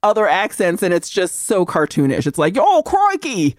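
A woman co-hosting a podcast in casual chat, profane and quick to laugh. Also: on the low side, dry recording, clean studio sound. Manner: profane, animated, laughing often. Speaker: podcast co-host.

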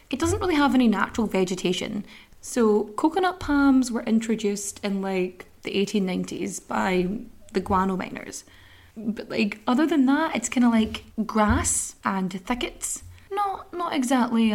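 A woman's voice: a little high, a little mellow. A woman hosting a podcast, telling a history story in a chatty, wry way full of swearing and asides. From Ireland. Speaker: podcast host.

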